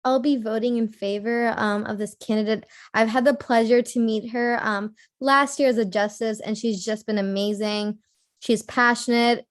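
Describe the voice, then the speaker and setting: A woman's voice: a little high, no echo, clean studio sound. A young woman student senator speaking in favor of a candidate, informal, with frequent fillers. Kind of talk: debate remarks.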